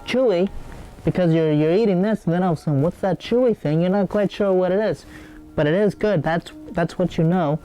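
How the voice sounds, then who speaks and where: A man's voice: high-pitched, a little fast, warm tone, soft background music. A man hosting a comedic cooking show, rambling and digressing with many hesitations.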